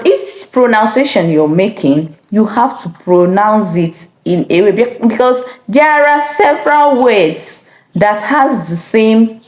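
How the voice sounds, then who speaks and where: Slow, careful woman teacher. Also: mid-range voice, darkish tone, echoey room. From Nigeria. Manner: slow, repeating each word with careful tones. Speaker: language teacher. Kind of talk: slow vocabulary lesson.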